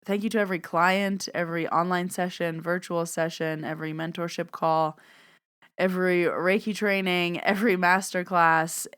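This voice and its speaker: A woman's voice: on the low side, flat delivery, normal speed, fairly bright tone, clean tone. A woman hosting her own podcast, chatting through a reflective, heartfelt year-end recap as a medium and teacher.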